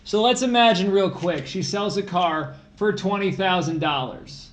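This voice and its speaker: A man's voice: high voice, normal speed. A man tutoring test prep on a casual livestream, joking and teasing while he reads problems aloud. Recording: echoey room with faint noise.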